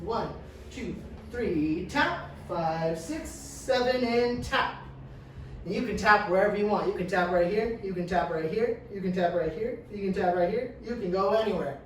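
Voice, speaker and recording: A man's voice: high voice, moderate pace, a little hiss or hum. Upbeat male dance teacher counting steps. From California. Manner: upbeat, encouraging, counts steps aloud, laughs often. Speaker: dance instructor. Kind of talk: counting dance class instruction. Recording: far-off mic in an echoey room.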